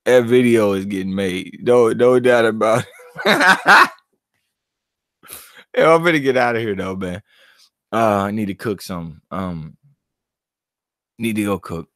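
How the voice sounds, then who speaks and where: Animated, profane male boxing vlogger. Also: fairly low pitch, measured pace, long pauses, no room sound, clean studio sound. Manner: animated, profane, laughing banter. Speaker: boxing commentator and channel host. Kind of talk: casual vlog commentary.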